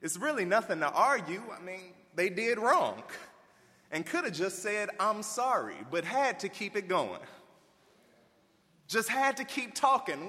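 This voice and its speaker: A man preaching a sermon, animated and folksy, swinging between loud emphasis and hushed asides. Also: sits high, unhurried, in a large hall. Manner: folksy, addresses listeners as y'all.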